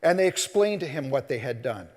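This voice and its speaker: A male minister giving a sermon, telling scripture stories in an animated way and acting out the voices. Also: medium pitch, brisk. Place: church sanctuary. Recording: long reverb of a large hall.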